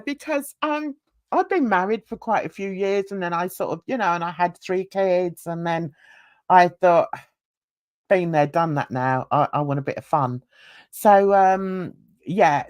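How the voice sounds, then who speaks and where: A woman's voice: mid-range voice, lively intonation, unhurried, darkish tone, no room sound. A middle-aged woman hosts a casual online panel, chatting and rambling through her stories. Her voice rises and falls a lot, and the sound is close and dry. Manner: chatty, rambling, with many fillers. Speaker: livestream host.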